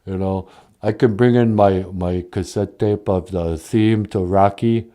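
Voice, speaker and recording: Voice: sits low, fairly even intonation, a little slow, dark tone. A performer doing a mumbling tough-guy impression of a washed-up male movie star, drawling. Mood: boastful.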